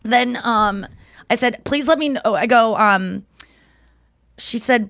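A woman's voice: mid-range voice, moderate pace, no echo. Woman podcast host, chatty storyteller, dry close sound, voices her quotes. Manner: animated storyteller, acts out quotes; swears freely. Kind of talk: casual chat.

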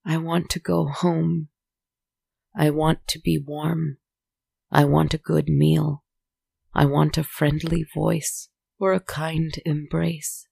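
Frightened lost pilot man, hushed and tearful, gravelly and husky, as a narrator puts him on. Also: mid-range voice, level tone, takes it slowly, dry recording, pitched above the performer's own voice, full character voice. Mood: pleading tearful. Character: lost, terrified adult male pilot, begging.

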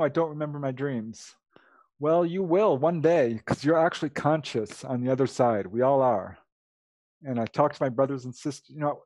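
A man telling personal stories as a guest, animated, laughing often and acting out dialogue. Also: mid-range voice, no room sound. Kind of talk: casual storytelling.

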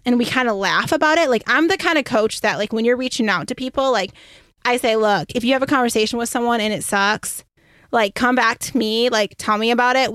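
A young woman career coach telling a story in a chatty, excitable way, full of "like". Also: a little high, no echo, studio quality. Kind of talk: casual storytelling monologue.

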